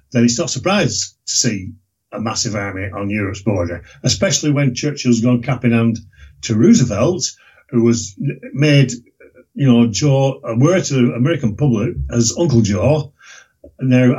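A man, talking in a rambling, halting way on a casual podcast, with many restarts. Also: medium pitch, animated, darkish tone, slightly rough. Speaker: regular guest presenting a documentary series. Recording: dull lo-fi recording.

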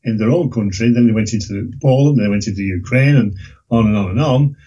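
A man, talking in a rambling, halting way on a casual podcast, with many restarts. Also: lowish voice, warm tone, husky. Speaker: regular guest presenting a documentary series. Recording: dull lo-fi recording.

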